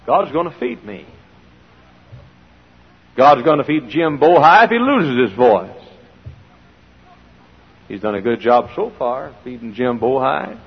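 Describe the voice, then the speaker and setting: A man preaching a sermon in a folksy style, full of rhetorical questions, swinging between loud and hushed. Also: medium pitch, expressive, unhurried, long pauses, breathy edge. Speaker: pastor. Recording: dull old sermon recording in a large hall.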